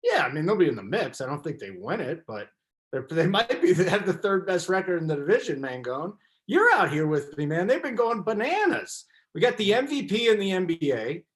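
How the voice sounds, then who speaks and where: A man's voice: high voice, a little fast. A man hosting a casual sports betting show, teasing his co-hosts and steering the talk. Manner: teasing, lively. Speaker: podcast host. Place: lives in the Denver area.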